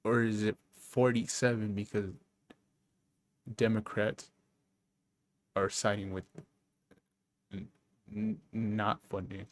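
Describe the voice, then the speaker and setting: A man's voice: on the low side, fairly even intonation, slow pace, pauses often, a little hiss or hum. A man on a casual stream, asking hesitant, puzzled questions.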